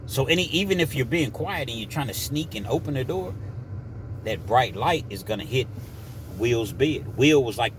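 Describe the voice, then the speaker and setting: A man's voice: mid-range voice, a little hiss or hum. A man casually telling a story from his prison days in a conversational, digressive way.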